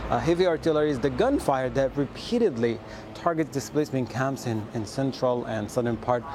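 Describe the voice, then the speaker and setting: A man reporting live from the field for a news broadcast, speaking haltingly with many fillers and restarts. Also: medium pitch, expressive. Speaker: field correspondent. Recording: noisy outdoor line. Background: drone and street noise.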